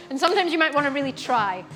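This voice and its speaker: A woman teaching a belly dance class, explaining moves and counting beats aloud with encouragement. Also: high-pitched. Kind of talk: online dance class instruction.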